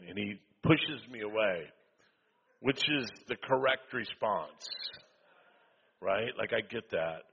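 A husky, very low-voiced man telling a story in a chatty, self-deprecating way during a sermon-style talk. His voice rings with a long hall echo, and the sound is dull and lo-fi. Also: slow pace, pauses often. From USA. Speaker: speaker.

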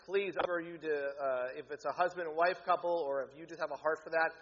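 A man's voice: a little high, steady tone, quick pace, a bit bright. Upbeat joking man in an echoey hall. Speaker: pastor. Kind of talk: church announcements. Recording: echoey hall, dull lo-fi sound.

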